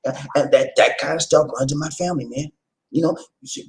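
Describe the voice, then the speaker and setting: A middle-aged man hosting his vlog at home, telling stories in a folksy, animated way and talking straight to his viewers. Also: a little high, fast, poor audio. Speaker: vlog host. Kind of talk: casual storytelling chat to camera. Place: home in the Philippines.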